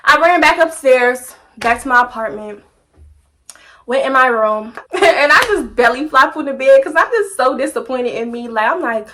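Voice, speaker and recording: A young woman telling a casual storytime, animated and slangy, repeating phrases for comic effect. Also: sits high, normal speed, slight background noise.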